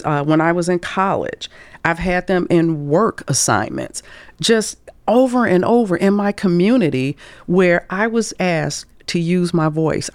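A woman in her fifties from St. Louis, a career coach telling stories as a guest in an interview, expressive and acting out quoted voices with chuckles. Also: medium pitch, no room sound. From St. Louis, USA. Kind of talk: storytelling interview talk.

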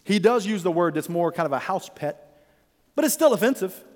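A male pastor preaching a conversational, animated sermon who acts out the voices in the story. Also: high voice, brisk, big-room sound.

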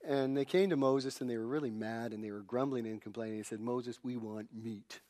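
A man's voice: mid-range voice, fast talker, darkish tone. A middle-aged male pastor preaching a sermon in church, earnest and emphatic, with a self-deprecating humor.

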